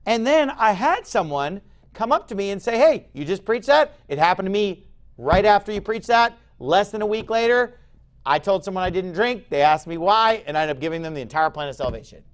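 A pastor in his forties delivers a sermon in a notably high voice. His pitch leaps and falls across a wide range, and his talk stays conversational, breaking into loud, punchy emphasis. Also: animated, a little fast. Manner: emphatic, conversational preaching with sudden loud bursts.

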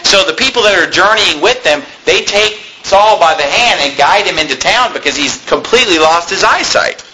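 Male pastor, sermon delivery, high-pitched and bright, scripture readings woven into plain explanations. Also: lively intonation, normal speed, slight background noise, poor audio.

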